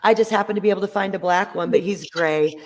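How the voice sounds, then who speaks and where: A woman's voice: mid-range voice, noisy background. A woman in her fifties chatting and telling stories in a casual group video chat, laughing as she goes. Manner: chatty, laughing, drawn-out storytelling.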